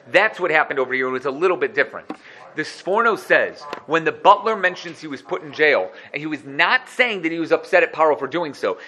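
High, bright-voiced male rabbi teaching. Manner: animated, explains sources one by one with acted quotes. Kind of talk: religious text lesson.

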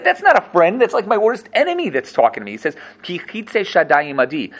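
Male teacher with a higher-pitched voice. He reads verses aloud, then explains them briskly. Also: a bit bright. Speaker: Torah teacher. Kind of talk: animated text-study class.

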